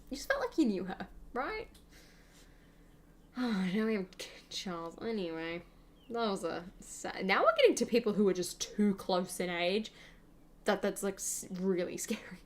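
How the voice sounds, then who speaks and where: A young woman, hosting a gaming channel and chatting casually over gameplay in a rambling way, full of fillers. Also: on the high side.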